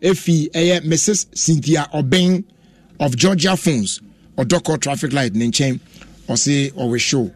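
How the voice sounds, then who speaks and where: A young Ghanaian man hosting a radio talk show, talking in an animated, casual way, switching languages and exclaiming often. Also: fairly high pitch, measured pace, dry recording.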